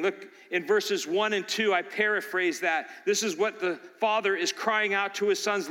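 An older male pastor preaching with lively swings from loud urging to quiet storytelling. His voice is high and bright, and it rings out with the long reverb of a large hall. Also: brisk, few pauses. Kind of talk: sermon.

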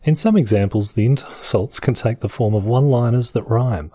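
A man with a husky voice reading a text aloud for comedy, adding wry, sarcastic asides. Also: mid-range voice, moderate pace, warm tone, no room sound, studio quality.

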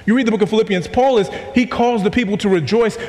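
A man's voice: sits high, fast, a little mellow, in a large hall. A pastor preaching a sermon to his congregation, emphatic, repeating key questions and asking the room to respond.

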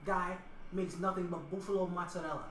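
A man's voice: sits high, fairly even intonation, fairly quick, a bit bright. A man playing a boastful, fussy Italian-American mobster with exaggerated mannerisms. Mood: indignant. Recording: echoey room with clear background noise.

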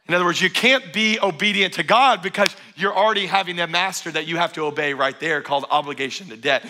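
A man's voice: a little high, a little fast, few pauses, bright, forceful tone. A man preaching a sermon at a church service, fervent and emphatic, urging his congregation again and again. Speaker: pastor.

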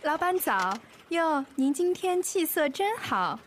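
A cheerful, sugary office employee, voiced by a woman in a scripted language-lesson skit. Her voice is high and sweet, with faint hiss and light clicks in the background. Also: big pitch swings, slow, heavily acted. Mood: cheery. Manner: bright, sugary compliments.

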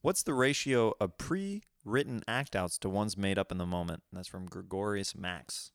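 A man's voice: lowish voice, normal speed, no room sound. A man co-hosting a podcast and telling stories in casual chat, with lots of fillers and laughter. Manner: laughing, animated storytelling with many fillers. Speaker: podcast co-host.

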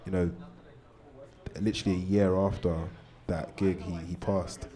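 A man's voice: sits low, flat delivery, unhurried, a crowd in the background. A young man from London with a London accent, a guest musician and DJ telling his story in an earnest, loose way. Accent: London English. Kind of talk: casual interview chat. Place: bar storefront with a live audience.

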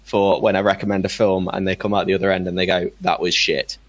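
Enthusiastic man, low voice. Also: monotone, fast talker. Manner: enthusiastic, laughs often, repeats words. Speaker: podcast regular recommending a film. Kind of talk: casual chat.

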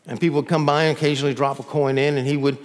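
Brief: longtime male pastor, sermon delivery, raised pitch, emphatic with loud highs and quiet lows, long church reverb. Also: flat delivery, very fast. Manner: emphatic, swings from loud peaks to soft drops.

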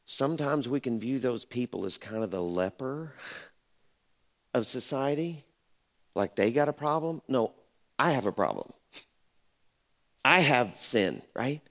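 A man's voice: medium pitch, animated, a little slow, pauses often, fairly bright tone. A middle-aged man preaching a sermon in a church, telling stories conversationally and building to emphatic exhortation. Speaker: pastor. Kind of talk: sermon with storytelling.

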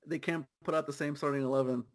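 A man's voice: fairly high pitch, steady tone. A young man co-hosting a soccer podcast, chatting casually and riffing with easy laughs. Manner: laid-back, quick riffing with laughs. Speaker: podcast co-host.

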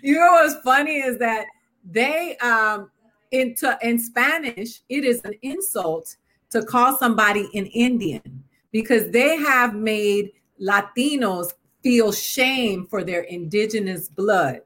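A woman's voice: on the high side, expressive, slow, a bit bright. A woman hosting a podcast, talking in a blunt, profane and impassioned way in casual comedic chat. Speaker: podcast host.

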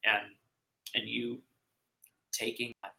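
A man speaking as an interview guest, rambling and halting with many fillers and restarts. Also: mid-range voice, little pitch movement, creaky, sharp tone, slight background noise, rough recording. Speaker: podcast guest. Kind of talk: emotional conversational interview.

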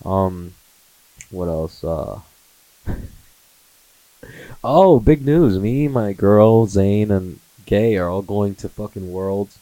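A man's voice: fairly low pitch, slow, long pauses, dark tone, no echo, low-quality recording. A man in his twenties on a casual comedy monologue, swearing a lot, laughing often and slipping into mocking impressions. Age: 20s. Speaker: comedy podcast host.

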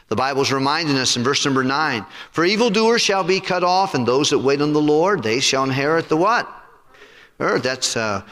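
Pastor, male, forceful bright tone, preaching sermon with call-and-response questions, church hall reverb. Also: fairly high pitch. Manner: preaching with rising emphasis and congregational questions. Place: church sanctuary.

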